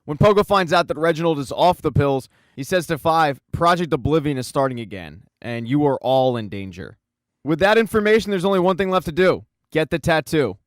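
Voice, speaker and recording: A man, host of a recap channel, narrating a plot summary in a brisk, storytelling manner with casual asides. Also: on the high side, no echo.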